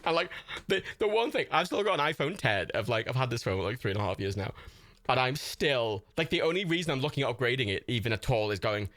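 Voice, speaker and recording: A man's voice: medium pitch, very animated, fast, fairly bright tone, no echo. A young man hosting a livestream, rambling and swearing in casual chatter, laughing often and mocking himself. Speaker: livestream host.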